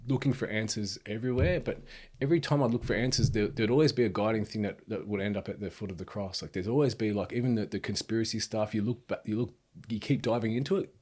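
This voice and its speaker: A man's voice: fairly low pitch, fast talker, darkish tone. A man in his thirties, a podcast guest telling his story in an earnest, rambling way, full of restarts and "bro". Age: 30s. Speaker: podcast guest, speaker and author. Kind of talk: casual storytelling chat.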